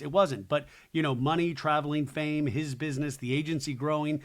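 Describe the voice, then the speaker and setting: A man's voice: on the high side, steady tone, a little fast. A man hosting a podcast, chatting casually through a reality TV recap with opinionated asides. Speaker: podcast host.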